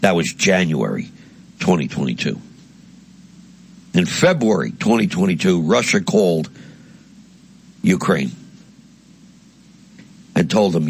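A man's voice: sits low, lively intonation, slow, creaky, pauses often, a little hiss or hum. A man giving a blunt, heated political monologue, crude and mocking in tone. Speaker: political commentator. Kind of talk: impassioned monologue.

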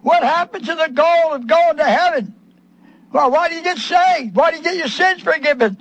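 A man's voice: very high-pitched, moderate pace, fairly bright tone, no room sound, muffled recording. A man preaching a sermon, emphatic, repeating phrases and acting out the questions of Bible figures in their own voices.

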